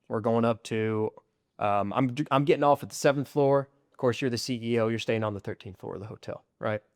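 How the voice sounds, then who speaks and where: A man's voice: mid-range voice, a little fast, no echo, studio quality. A man interviewing a company chief, playful and upbeat as he sets up his questions. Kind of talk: sit-down interview.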